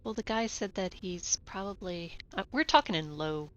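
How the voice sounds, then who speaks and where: A woman's voice: on the low side, expressive, normal speed, dull audio. A woman playing a tabletop game, talking in a casual, plain-spoken way. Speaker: player.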